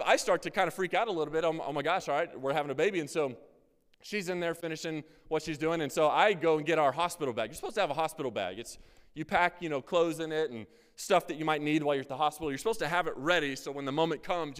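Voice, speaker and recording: A pastor in his thirties preaches in a casual, chatty way, cracking small jokes at his own expense. His voice sits a little high and comes through clean. The sound carries a long reverb from a large hall. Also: fast, clear, resonant tone. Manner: casual, chatty, self-deprecating. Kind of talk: sermon with storytelling.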